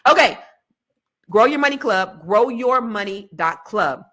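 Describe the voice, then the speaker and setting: A middle-aged woman hosting a casual livestream, rambling and self-mocking between slangy asides and a sales pitch for a money course. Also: animated, a little slow, a bit bright. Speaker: host selling a money course.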